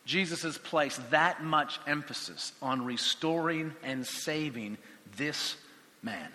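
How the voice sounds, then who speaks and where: A man teaching a Bible passage with a bright, animated voice that swings widely in pitch. He talks conversationally and acts out the quotes he tells. His voice rings in a hall with long reverb. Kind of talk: lively Bible teaching talk.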